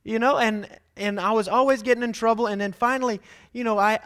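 A pastor in his thirties preaches with a high, light voice. He tells stories with animation, raising his voice to act out what people said. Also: a little fast. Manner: animated storytelling, acts out quotes loudly. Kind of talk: sermon.

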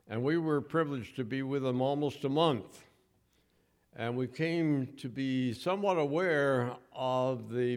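A man's voice: mid-range voice, darkish tone. Older man preaching a folksy sermon. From United States. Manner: folksy, conversational, addresses congregation directly. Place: church.

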